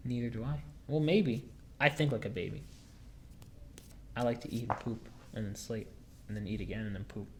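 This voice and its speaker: A man's voice: mid-range voice, normal speed, long pauses, slight background noise. A young man hosting a casual chat, rambling and goofy, full of fillers and restarts. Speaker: podcast host.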